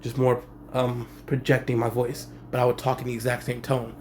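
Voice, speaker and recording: A young man, a rapper, speaking in a laid-back, slangy way with a monotone delivery in a casual vlog. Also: medium pitch, normal speed, a little hiss or hum. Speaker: rapper and channel host. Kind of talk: casual talking-head vlog.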